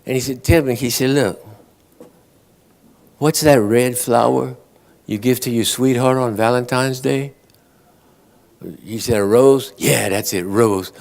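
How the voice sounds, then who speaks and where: A man's voice: mid-range voice, unhurried, gravelly, long pauses, a little mellow. A man telling long, folksy joke stories at a conference awards ceremony, briefly acting out his characters' lines. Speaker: after-dinner joke teller.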